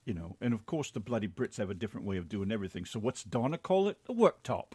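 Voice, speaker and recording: An American man co-hosting a casual online radio show, joking and teasing with loud laughs. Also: fairly low pitch, very animated, fast talker, slightly rough, dry recording. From United States. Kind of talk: casual banter with co-host and chat.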